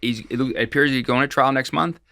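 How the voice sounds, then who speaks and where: A man's voice: medium pitch, fairly quick, bright, forceful tone, dry recording, studio quality. A middle-aged man, a guest expert on financial fraud, recounting cases in a casual interview, rambling along with frequent restarts and fillers.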